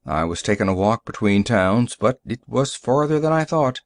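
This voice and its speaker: A man's voice: mid-range voice, animated, normal speed, no room sound, clean studio sound, close to an everyday voice. A man playing a guarded, careful stranger. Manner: careful, hesitant.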